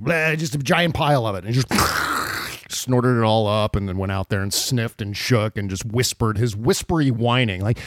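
A man co-hosts a podcast, chatting casually and animatedly about politics and sometimes mocking the people he quotes. His mid-range voice is a bit bright, at a moderate pace, in a dry recording.

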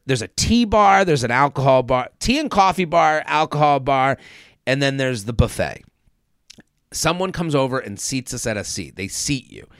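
A man's voice: mid-range voice, no echo, studio quality. A male comedian and podcast host telling a long story, acting out quoted voices and working up into a rant. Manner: animated, acts out quoted voices, rants.

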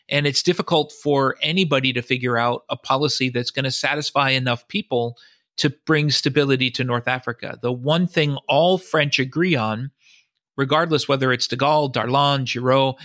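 A historian and author answers podcast interview questions at length, often quoting sources and thinking aloud. His voice is medium-pitched with fairly even intonation, a fairly bright tone and normal speed, captured in a dry, clean studio recording.

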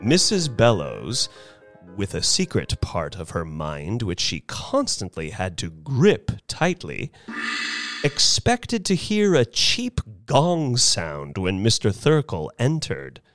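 A man reading a story aloud as narrator, expressive and giving each character a voice. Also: lowish voice, slow, faint music behind.

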